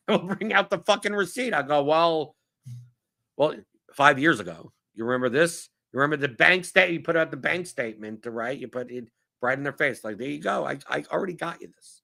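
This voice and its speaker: A man's voice: on the high side, lively intonation, moderate pace, gravelly, pushed and bright. A man hosting a casual Q&A show, riffing bluntly and profanely in an exasperated monologue. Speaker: podcast host answering viewer questions.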